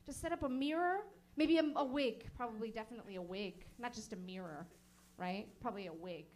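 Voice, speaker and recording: A woman with a high, light voice does stand-up at a small comedy show. She rambles casually and peppers her sentences with "like" as she talks to the crowd. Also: brisk, a little mellow. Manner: rambling, casual, lots of "like" fillers. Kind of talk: stand-up set.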